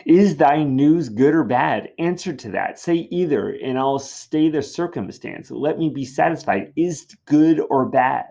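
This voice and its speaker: A man voicing an impatient young girl who pleads for news, reading old verse in a raised, drawn-out voice. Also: a little high, lively intonation, a little mellow, slightly rough, voice pushed up. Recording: dull lo-fi recording.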